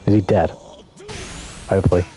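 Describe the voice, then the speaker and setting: A man's voice: low-pitched, fairly even intonation, moderate pace, mellow. A British man chatting casually while streaming a fighting game, rambling and swearing as he jokes with his chat. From Britain. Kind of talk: casual gaming stream commentary.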